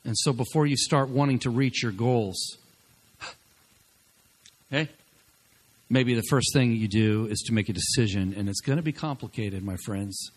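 A male pastor preaching a sermon, exhorting the congregation with energy and swinging between loud bursts and quiet asides. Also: medium pitch, normal speed, pauses often.

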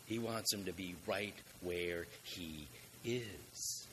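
Man, sermon, low voice, rhetorical questions, faint noise. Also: slow pace, sharp tone. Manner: rhetorical questions, emphatic swells in volume. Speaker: preacher.

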